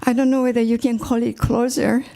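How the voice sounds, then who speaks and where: A woman on a panel, earnest and measured. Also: fairly high pitch, little pitch movement, vocal fry, warm tone. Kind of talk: panel discussion remarks.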